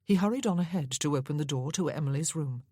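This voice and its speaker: Low, husky woman reading a romance. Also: fast, dark tone, dry recording, studio quality. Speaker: audiobook narrator. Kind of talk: reading a Regency romance novel aloud.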